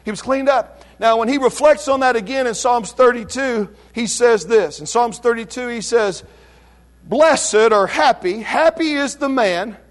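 A man preaching an impassioned revival sermon in church, shouting some lines and dropping to a hush on others, calling the congregation to answer back. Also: very high-pitched. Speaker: pastor. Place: church sanctuary.

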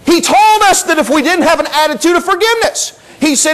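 A male preacher delivers a church sermon in a strikingly high voice. His pitch leaps and swoops as he presses his points. He repeats words as he builds to exclamations. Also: lively intonation, a little fast, few pauses, fairly bright tone, low-quality recording. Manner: emphatic preaching with repetitions and rising exclamations. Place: church service.

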